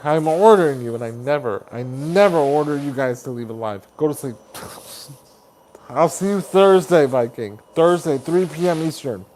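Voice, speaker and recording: A man hosting a live stream chat. He reads viewer comments aloud, greets people warmly by name as buddy and honey, and laughs often. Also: fairly high pitch, measured pace, slight background noise. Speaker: livestream host.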